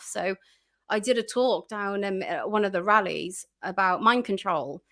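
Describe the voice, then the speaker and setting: A woman's voice: mid-range voice, unhurried, fairly bright tone. A woman guest chatting casually in an interview, full of fillers and restarts, acting out her own reactions.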